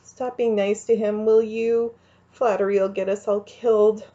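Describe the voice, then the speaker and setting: A woman's voice: mid-range voice, level tone, measured pace, mellow, lightly acted. A woman voicing a worn-out, sarcastic woman groaning through a hard karate class, from a dull recording.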